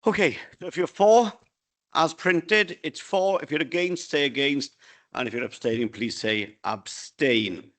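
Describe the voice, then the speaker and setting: A man running a council vote, explaining the procedure in a brisk, procedural way. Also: on the high side, a bit bright. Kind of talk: formal roll-call.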